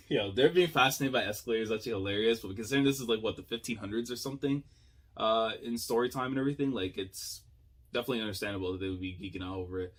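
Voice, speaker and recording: A man giving casual, excitable reaction commentary as a YouTuber, thinking aloud with slang and frequent laughs. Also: on the low side, quick pace.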